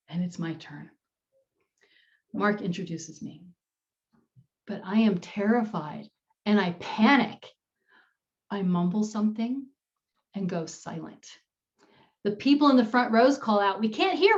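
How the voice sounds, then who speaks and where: A woman's voice: mid-range voice, darkish tone. Woman in her 50s coaching on public speaking over a video call, storytelling, kinda muffled audio. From United States. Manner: storytelling, upbeat with frequent laughs. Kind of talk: presenting a webinar talk.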